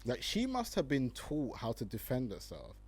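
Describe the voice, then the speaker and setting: A young man, hosting casual online commentary, slangy and animated, laughing often as he reads tweets. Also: medium pitch, moderate pace.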